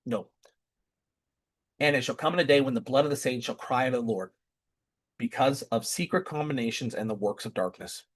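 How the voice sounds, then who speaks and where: A man's voice: mid-range voice, fairly quick, long pauses. Impassioned man preaching on scripture. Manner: emphatic, repeats rhetorical questions. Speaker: scripture teacher.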